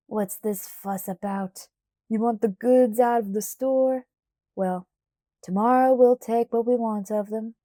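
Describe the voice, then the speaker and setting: A woman reader plays a huge, bold man in a storybook who mocks the crowd. He talks roughly and sounds sure of himself. The delivery is slow and mellow. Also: on the high side, fairly even intonation, no echo, studio quality, lightly acted. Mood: scornful. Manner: rough and mocking.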